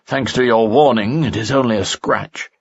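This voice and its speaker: A man voicing a calm, wounded male elf fighter in an audiobook. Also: medium pitch, normal speed, slightly rough, no room sound. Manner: calm, dry. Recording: dull lo-fi audio.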